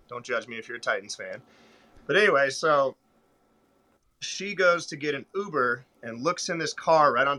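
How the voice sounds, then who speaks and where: A man with a very bright, forceful voice recounts a long story from the road. He talks casually and animatedly, with lots of fillers and asides. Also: medium pitch, poor audio. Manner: animated, rambling anecdote-telling with fillers. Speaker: touring country musician.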